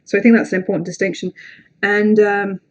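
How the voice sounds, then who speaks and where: A woman runs a casual livestream, talking to viewers in a mid-range voice at a fairly quick clip over dull-sounding audio. Her talk wanders, packed with fillers, restarts, easygoing cursing, and self-mocking remarks.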